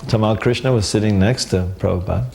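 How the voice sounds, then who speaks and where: A man recalling old memories in a casual, animated storytelling way, acting out the dialogue and often stopping to restart. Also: lowish voice, creaky, a little hiss or hum. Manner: halting, with restarts and fillers.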